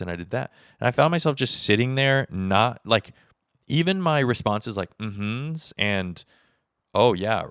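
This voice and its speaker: A man's voice: on the low side, fairly bright tone, no echo, studio quality. A man in his thirties hosting a solo podcast, talking candidly and rambling, swearing casually and acting out the conversations he recounts. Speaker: podcast host. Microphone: podcast mic on camera setup.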